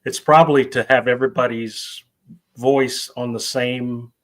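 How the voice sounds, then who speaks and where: Male co-host, mid pitch, measured and explanatory, plain conversational delivery. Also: fairly even intonation. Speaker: podcast co-host. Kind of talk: casual film review chat.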